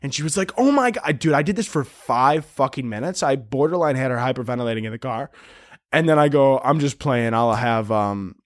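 A young man hosting a solo comedy podcast, rambling and sarcastic, swearing often and breaking into squeaky mocking voices. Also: fairly quick, dry recording, clean studio sound. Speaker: podcast host.

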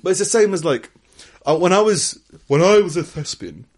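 A man's voice: high voice, animated, moderate pace. A young man co-hosting a casual podcast, laughing often and swearing as he talks. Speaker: podcast co-host.

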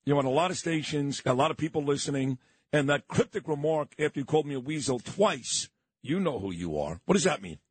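A combative man with a New York accent runs a morning radio talk show, hammering his points again and again. His voice sits fairly high and swings widely in pitch, with a husky edge. The studio sound is close and dry. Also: lively intonation, a little fast, dry recording. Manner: combative, indignant, repetitive. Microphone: studio microphone.

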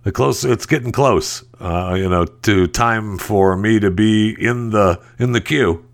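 Male podcast host, low gravelly voice, sarcastic rambling commentary. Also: a little slow. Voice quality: deep gravelly voice. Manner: sarcastic, mocking asides with rambling restarts. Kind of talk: casual opinion commentary.

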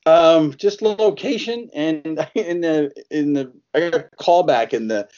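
A man's voice: a little high, measured pace, darkish tone, highs cut off. A man who is an actor, chatting as an interview guest, laughing often and acting out quotes as he tells stories. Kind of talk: casual interview chat.

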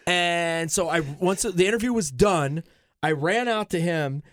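A man's voice: on the high side, unhurried, a bit bright, dry recording, studio quality. A man co-hosting a podcast in casual chat, telling stories with many restarts. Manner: rambling storyteller, many restarts. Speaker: podcast co-host.

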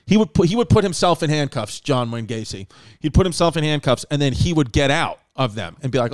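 A man's voice: fairly high pitch, expressive, fast talker, no echo, clean studio sound. A man in casual podcast chat, telling a long story with many fillers and restarts. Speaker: podcast host.

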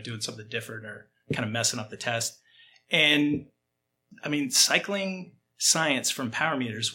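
A man, a cycling coach guest on a podcast, explaining training ideas in an energetic, emphatic way. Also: mid-range voice, slight background noise. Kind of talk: conversational explanation.

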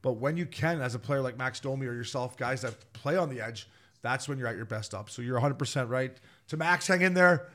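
Regular guy host, loose animated hockey talk, swears a bit. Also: mid-range voice, brisk. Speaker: podcast host. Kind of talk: casual sports chat.

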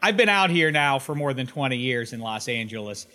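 A man's voice: medium pitch, fairly quick. A man hosting a sports podcast, telling stories emphatically in casual chat. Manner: emphatic, animated storytelling. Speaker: podcast host.

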